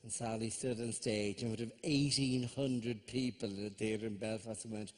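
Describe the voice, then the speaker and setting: A man's voice: mid-range voice, steady tone, brisk, hardly any pauses, darkish tone. A man with an Irish accent doing a stand-up routine in a theatre, telling stories as a sardonic, ranting comic. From Ireland. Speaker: stand-up comedian. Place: large theatre stage.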